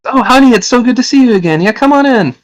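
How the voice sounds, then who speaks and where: A man's voice: very high-pitched, lively intonation, quick pace, voice pushed up, low-quality recording. A man voicing a cheerful, motherly woman in a cabin who dotes on a stranger and keeps calling him honey. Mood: doting. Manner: sweet, doting, calls him honey.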